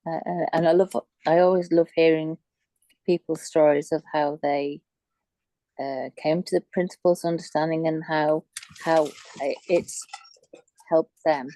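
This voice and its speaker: A woman with a low voice speaks through a computer mic on a group video call. She feels her way through each thought with restarts and fillers. The sound is dry, with no room echo. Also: fairly even intonation, warm tone. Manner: halting, many restarts and fillers. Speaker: call participant. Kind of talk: casual sharing on a group call.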